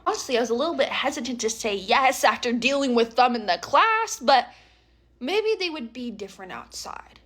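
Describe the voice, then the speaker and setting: A woman telling a story in a vlog, sassy and animated. Her voice sits a little high. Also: moderate pace.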